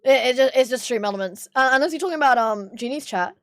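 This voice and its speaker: A young woman from Australia streaming casually with a hoarse, strained voice, chatting, swearing and reading chat aloud. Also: on the high side, quick pace, a bit bright, dry recording, clean studio sound. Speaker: livestreamer.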